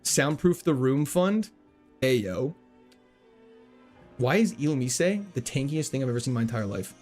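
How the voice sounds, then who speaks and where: A man streaming a video game, chatting casually with his viewers, joking around and reading their messages out loud. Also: medium pitch, measured pace, faint music behind. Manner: jokey, animated, reads chat aloud. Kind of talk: casual livestream commentary.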